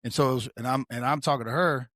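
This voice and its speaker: A podcast co-host who works as a sheriff's deputy talks quickly in a medium-pitched voice while telling a work story. He's casual and animated, swearing and calling the listener "bro" constantly. The studio-quality audio has no room sound.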